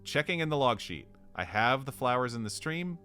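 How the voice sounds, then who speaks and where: A man's voice: mid-range voice, sing-song, normal speed, bright, forceful tone, soft background music. A man playing through a solo tabletop adventure, chatting to himself in rambling asides. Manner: chatty, rambling self-talk with asides and chuckles. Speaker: solo tabletop game player.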